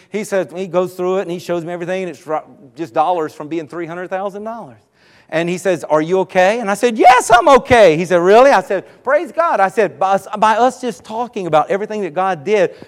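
Man, pastor, high voice, storytelling sermon, animated, exclamations of praise.

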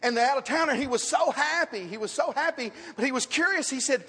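High-voiced preacher in a reverberant hall. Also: male voice, quick pace, breathy edge. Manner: animated storytelling with scripture quotes. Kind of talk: sermon. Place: church.

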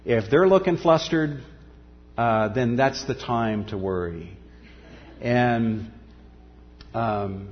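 A man's voice: slow, long pauses, highs cut off. Earnest male preacher in a reverberant hall. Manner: earnest, building to emphatic peaks then dropping soft and low. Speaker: pastor. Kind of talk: sermon.

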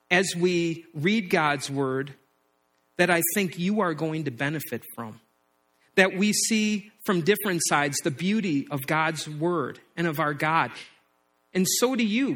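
Middle-aged male pastor with a somewhat high voice, preaching in an easy storytelling manner. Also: sharp tone. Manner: storytelling, repeats words as he speaks. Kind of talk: sermon.

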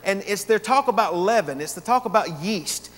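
A man with a high voice preaches an earnest expository sermon and slows down to lean on the words that matter. His voice rings with a long reverb, as in a church sanctuary. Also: lively intonation, fairly bright tone. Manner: earnest preaching, slowing down to stress key words. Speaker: pastor.

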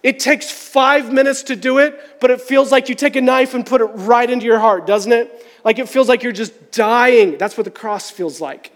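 Male pastor, candid storytelling sermon, high register, long church-hall reverb. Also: moderate pace. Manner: candid, conversational, self-deprecating.

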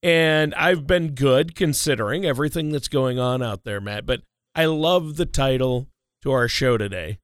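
A man's voice: mid-range voice, normal speed, clean tone, no echo, studio quality. A man who reads the show's opening announcement and then chats and jokes as co-host. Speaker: radio show co-host and announcer. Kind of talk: scripted announcement and casual chat.

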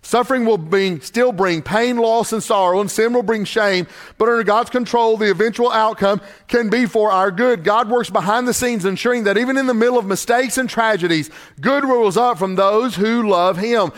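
The voice sits high for a man, and the delivery climbs on key points before sinking to near-hushed lows. A middle-aged pastor gives an emphatic sermon. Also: moderate pace. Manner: emphatic preaching, rising high on key points and dropping low and quiet.

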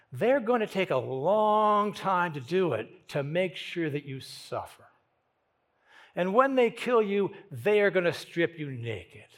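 A man preaching a sermon, moving from hushed lines to emphatic ones and repeating words as he thinks aloud. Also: sits high. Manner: dramatic swings from hushed to emphatic. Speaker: pastor.

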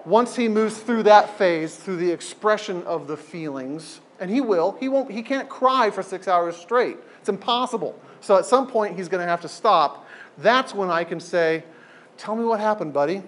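A man leading an informal group talk, animated and emphatic, often repeating phrases for effect. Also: sits high, normal speed.

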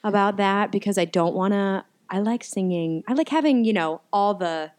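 A middle-aged woman, a musical theater performer, chatting excitedly as a guest and laughing often. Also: medium pitch, moderate pace, clear, resonant tone. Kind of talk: casual chat.

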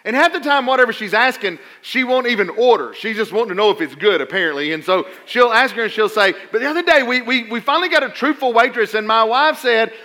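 Preacher guy, middle-aged, high bright voice, funny stories, gets loud then drops quiet. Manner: storytelling, swings between loud emphasis and quiet asides. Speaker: pastor. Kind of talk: sermon with humorous stories.

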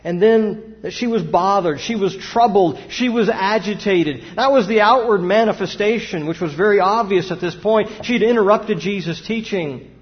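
A man's voice: high voice, moderate pace, hardly any pauses. A man, a pastor preaching a sermon with emphatic rises and rhetorical questions. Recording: dull sound with long hall reverb.

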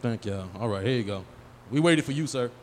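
A man in his forties, expressive and brisk in a mid-range voice, does live stand-up at a small venue, trading loose, profane banter with the crowd. Long reverb and faint noise fill the live room.

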